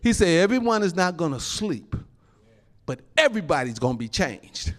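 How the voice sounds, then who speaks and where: Animated preaching man, lively pitch. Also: normal speed. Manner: animated preaching with laughs and call-outs to the congregation; folksy informal phrasing. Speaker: pastor. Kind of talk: sermon.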